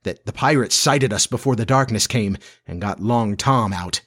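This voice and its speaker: Peter Pan, a boastful boy, as a man voices him. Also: fairly low pitch. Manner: brisk and sharp. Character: bold, boastful boy leader, brave and proud.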